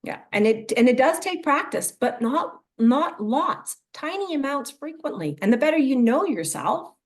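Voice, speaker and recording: Speaking at normal speed with a high-pitched voice, a middle-aged mental performance coach chats casually in an interview, performing inner thoughts in vivid quoted voices.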